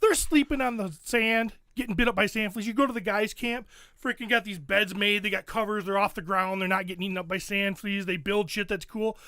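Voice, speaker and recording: A man's voice: sits high, fairly even intonation, fairly quick, bright, forceful tone, no echo, clean studio sound. A man hosting a podcast, animatedly retelling a show in casual, profane chat. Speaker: podcast host.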